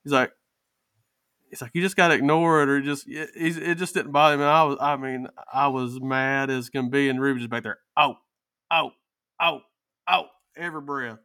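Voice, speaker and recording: A man's voice: medium pitch, flat delivery, fairly quick, sharp tone, clean tone, dry recording, studio quality. A man telling a story in casual chat, acting out what people said. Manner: drawling storyteller, acts out quotes. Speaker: podcast panelist.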